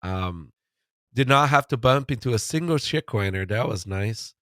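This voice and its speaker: A man's voice: mid-range voice, expressive, moderate pace, a bit bright, no room sound, studio quality. A man as a podcast guest, nasal from a cold, talking in a loose rambling way with frequent laughs. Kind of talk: casual podcast chat.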